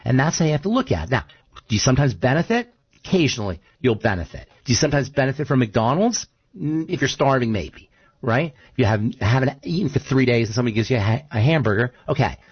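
Animated, husky-voiced male host. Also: mid-range voice, fast talker, no room sound. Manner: animated, storytelling, rhetorical questions. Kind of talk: casual chat. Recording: dull lo-fi recording.

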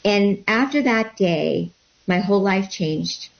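A woman guest telling a personal story about becoming a healer, in a halting way with many fillers and restarts. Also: medium pitch, animated, vocal fry, muffled recording.

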